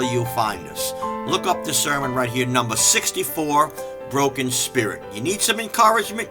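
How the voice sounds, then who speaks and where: Animated folksy preacher, older man. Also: mid-range voice. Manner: animated, folksy, self-mocking, swings from loud to hushed. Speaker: pastor. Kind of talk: energetic folksy sermon.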